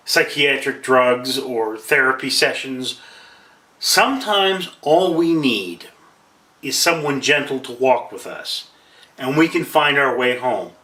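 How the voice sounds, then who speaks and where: Speaking directly to his camera, a male vlogger rambles through a self-deprecating monologue in a bright, forward, medium-pitched voice. The mic is distant, and he sits well back from it in a roomy space with echo.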